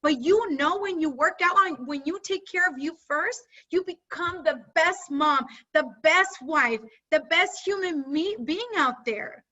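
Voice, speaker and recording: High, bright-voiced woman coaching a group. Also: measured pace, few pauses, muffled recording. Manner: energetic, rallying, talks straight to the group. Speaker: side hustle coach. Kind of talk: motivational group coaching on a video call.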